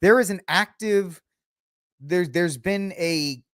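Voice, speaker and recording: A man's voice: high voice, slow pace, a bit bright, dry recording, clean studio sound. Sarcastic rambling male podcast host. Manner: rambling, sarcastic, laughs at own jokes. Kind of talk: casual political commentary.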